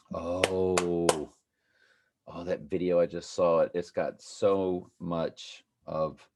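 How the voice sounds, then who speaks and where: Guy with a real low voice, rambling commentary at viewers, stops and starts a lot. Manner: rambling, halting, speaks to viewers as y'all. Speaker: commentary video host. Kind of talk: casual commentary over clips.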